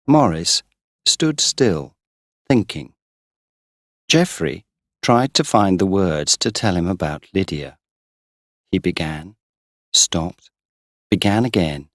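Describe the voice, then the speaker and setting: A man reading a simple story aloud for English learners, slow and deliberate. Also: sits low, animated, dry recording, clean studio sound. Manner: slow, deliberate, clearly paced. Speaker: audiobook narrator. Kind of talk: scripted narration for English learners.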